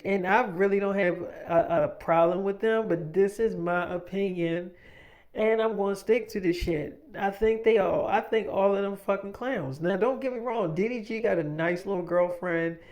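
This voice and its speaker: A man's voice: sits high, a little slow, a little mellow. A man voicing his girlfriend as a frank, foul-mouthed young woman in casual storytime narration, close to his own voice. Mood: blunt. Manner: frank, profane, dismissive.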